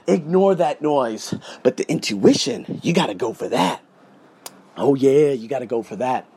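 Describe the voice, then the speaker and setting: A man's voice: mid-range voice, big pitch swings, unhurried, darkish tone, breathy edge. A man telling his story in a casual vlog from his condo, emphatic and swearing as he goes. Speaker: vlogger, English teacher. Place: condo room, indoors.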